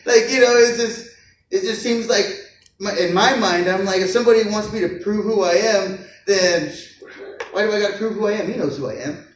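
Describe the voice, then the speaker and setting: A man's voice: high-pitched, brisk. A male pastor giving a casual, conversational sermon, acting out the people in the story and often repeating words. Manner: conversational, acts out voices of figures, repeats words. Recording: echoey church hall from far off.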